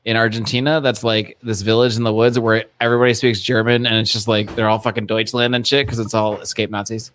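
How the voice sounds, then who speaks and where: A man's voice: on the low side, level tone, fast talker, few pauses, fairly bright tone. A man co-hosting a podcast in casual banter, with dry wisecracks. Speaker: podcast co-host.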